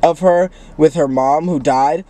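A young man with a slightly high voice reads submitted stories aloud from inside a car. He chats casually with his brothers and drops a flat "correct" in agreement. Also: a little slow. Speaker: co-host reading viewer submissions.

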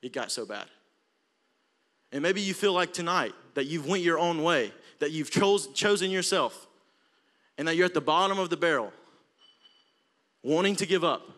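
A young man from Alabama with an Alabama accent preaching a sermon in a church auditorium, passionate, swelling from quiet talk to near-shouting. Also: a little high, animated, normal speed, long pauses. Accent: Southern US, Alabama. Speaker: youth preacher.

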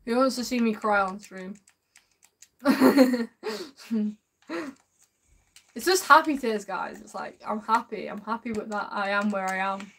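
A woman live-streaming a game, chatting warmly and excitably with her viewers and drawling a repeated sing-song catchphrase. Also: mid-range voice, takes it slowly, pauses often. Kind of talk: live gameplay commentary.

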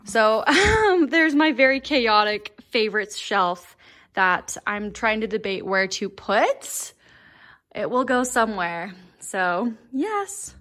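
A woman's voice: a little high, animated, slow, fairly bright tone. A young woman chatting casually in a home vlog, giggly and full of fillers. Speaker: book vlogger. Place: home library room.

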